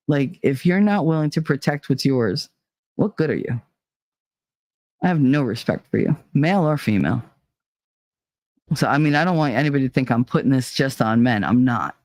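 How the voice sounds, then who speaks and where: A woman's voice: rumbling low, darkish tone, dry recording. Blunt, swearing woman chatting solo. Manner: blunt, opinionated, swears freely, laughs often. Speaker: podcast host. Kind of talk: casual solo chat.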